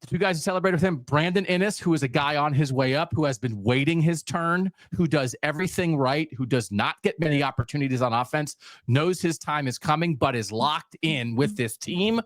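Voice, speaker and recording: A man's voice: fairly high pitch, a little fast, no room sound. A man co-hosting a sports podcast, making emphatic points in long, piled-up lists. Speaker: podcast co-host.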